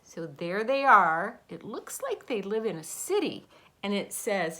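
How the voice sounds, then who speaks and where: A woman reading a picture book aloud to children, slowly explaining the pictures. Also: medium pitch, very animated. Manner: slow, gentle, explaining the pictures. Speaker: storytime reader.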